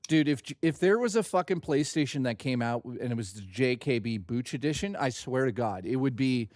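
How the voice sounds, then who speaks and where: A man hosting a live reaction stream, joking loudly, swearing and rambling crudely at a desk mic. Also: medium pitch, animated, moderate pace, no echo, clean studio sound.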